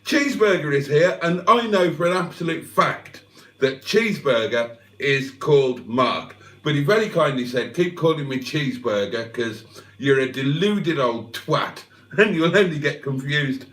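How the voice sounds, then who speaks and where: A man's voice: fairly high pitch, lively intonation, unhurried, a bit bright. A man, hosting a casual livestream, reading out comments and swearing freely with self-mocking humour. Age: 50s. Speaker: livestream host.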